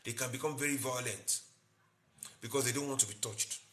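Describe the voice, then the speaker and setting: A man's voice: mid-range voice, a little fast, bright, forceful tone. A man, a doctor hosting a live-stream health talk, explaining in short repeated phrases and greeting viewers by name.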